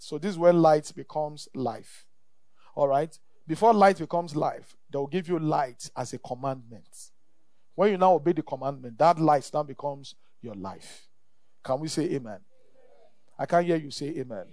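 A middle-aged Nigerian-accented pastor preaches a sermon, emphatically repeating phrases and calling out for amen. His high voice has a gravelly edge and a darkish tone, and he speaks at a moderate pace. The sound is close and dry, with no room around it.

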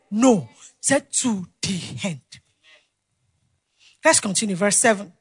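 A woman preaching a sermon, asking the congregation questions and swinging between loud exclamations and quiet asides. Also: medium pitch, expressive, takes it slowly, creaky, long pauses, breathy edge, no echo.

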